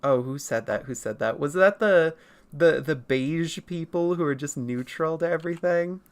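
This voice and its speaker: An artist sketches live and chats casually with viewers, wandering from topic to topic, laughing often, swearing sometimes and correcting themselves in asides. Their voice has a medium pitch and a moderate pace.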